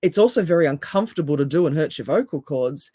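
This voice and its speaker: A woman with a deep voice, a hypnotherapist and coach speaking as a podcast guest with calm, emphatic, repeated phrases. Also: fast, husky, dry recording, studio quality.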